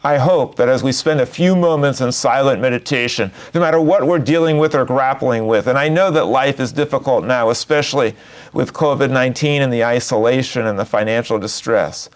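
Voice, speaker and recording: A man, a rabbi, giving a gentle, reflective sermon and telling a story. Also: medium pitch, brisk, clear, resonant tone.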